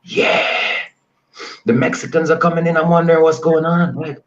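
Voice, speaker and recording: A man's voice: a little high, fairly even intonation, normal speed, lo-fi sound. A Jamaican man who is a guest musician on a casual radio interview, talking in an emphatic, repetitive, preaching cadence. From Spanish Town, Jamaica.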